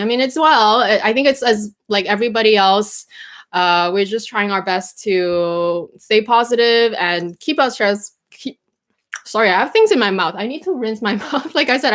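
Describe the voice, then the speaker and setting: A woman's voice: medium pitch, a bit bright. A young woman chatting casually on a livestream from home, rambling with lots of fillers and restarts. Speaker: livestream host. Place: home bedroom.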